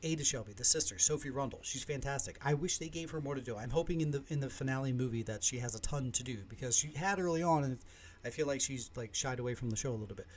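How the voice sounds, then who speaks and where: A man's voice: medium pitch, quick pace, slight background noise. A man hosting a podcast, giving casual, opinionated reviews of movies and shows with lots of fillers and side remarks. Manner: animated and opinionated, with many fillers and asides. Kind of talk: casual solo review talk.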